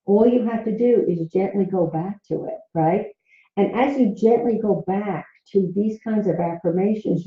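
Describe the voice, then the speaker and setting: A woman dating coach giving gentle, encouraging self-help teaching and laughing often. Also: medium pitch. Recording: roomy, dull recording.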